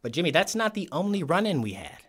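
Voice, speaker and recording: A man hosting a podcast, telling a story in casual chat, animated and laughing often, acting out the voices of people he quotes. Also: a little high, quick pace. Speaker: podcast host. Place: podcast studio.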